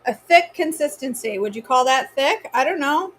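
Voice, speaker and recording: A woman's voice: high voice, lively intonation, normal speed. A woman with a Maine accent hosts a live cooking stream from her home kitchen. She chats casually and teasingly, answering viewers by name as she cooks.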